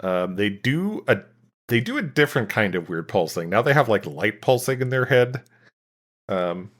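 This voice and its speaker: A man co-hosting a podcast, recapping an episode in a halting casual way with many fillers and restarts. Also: lowish voice, very animated, a bit bright. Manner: halting, lots of fillers and restarts, laughs often. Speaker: podcast co-host.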